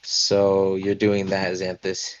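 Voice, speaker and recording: A man narrating as game master of a tabletop game, relaxed and halting, with many fillers. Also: low-pitched, slight background noise. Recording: dull lo-fi stream audio.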